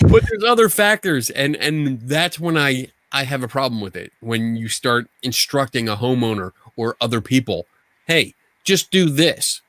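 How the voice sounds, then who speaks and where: A man's voice: mid-range voice, expressive, normal speed, hardly any pauses, fairly bright tone, dry recording. A man co-hosting a podcast, chatting casually and rambling with frequent restarts and the odd curse. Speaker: podcast co-host.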